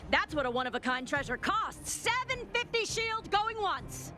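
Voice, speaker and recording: A woman's voice: extremely high pitch, very animated, normal speed, bright, forceful tone, soft background music, exaggerated voice. A woman voicing a formal adult female auctioneer, announcing items in a video game. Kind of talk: game voice acting.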